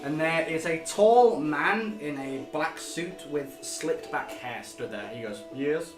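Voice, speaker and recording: A man's voice: a little high, slow pace. A man running a tabletop game as game master, narrating in a rambling way with frequent fillers. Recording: roomy, with music behind.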